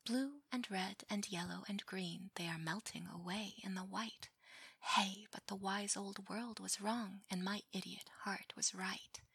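A whispered role-play of a deranged old man who croons sing-song rhymes to a wooden doll, as a woman puts him on. The whisper is breathy and husky, lit with a bright edge. It sounds dry and close, with a gravelly catch where the voice comes through. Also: medium pitch, steady tone, measured pace, no room sound, heavily acted. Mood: crooning.

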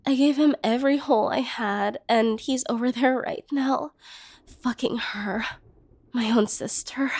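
A young woman with a high, slow-paced voice speaks directly to the listener in a role-play monologue. Her tone is hurt and bitter, flaring into anger and sinking into hushed whispers. The sound is dry and close, with no room around it. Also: dry recording. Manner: hurt and bitter, swinging between angry outbursts and soft whispers.

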